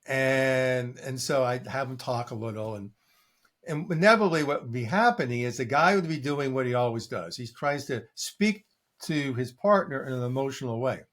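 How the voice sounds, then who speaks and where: An older man, a coach being interviewed, telling stories in a lively way and acting out what his clients say. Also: medium pitch, normal speed. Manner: animated storytelling, acting out quoted clients. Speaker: coach and guest. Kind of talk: conversational interview answer.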